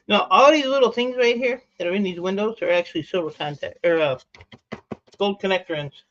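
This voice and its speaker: A man's voice: sits high, dull audio. A man hosting a casual livestream, chatting as he takes apart electronic scrap and gushing over what he finds. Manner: excitable, gushing exclamations. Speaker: host dismantling e-waste for scrap. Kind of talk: casual livestream chat while working.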